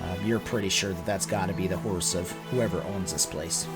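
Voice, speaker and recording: A man's voice: low-pitched, brisk, over loud music. A man narrating as game master of a tabletop game, describing scenes casually, with many fillers.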